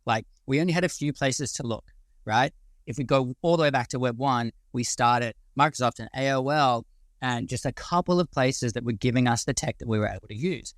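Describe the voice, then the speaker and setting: A medium-pitched male voice with no echo belongs to an Australian guest speaker in his forties. In a casual live audio discussion, he goes off on a passionate, rambling rant peppered with casual swearing.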